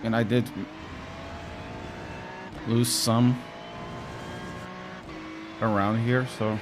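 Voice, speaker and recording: A man's voice: mid-range voice, level tone, drawn-out words, background noise. A young man with a Portuguese accent from Portugal, chatting casually to his stream chat while sim racing, wry and talkative.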